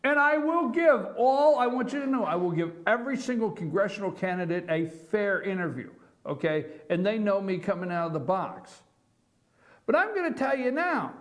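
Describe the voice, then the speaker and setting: Brief: male morning show host, very high voice, emphatic monologue full of rhetorical questions. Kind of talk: opinion commentary monologue. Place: office.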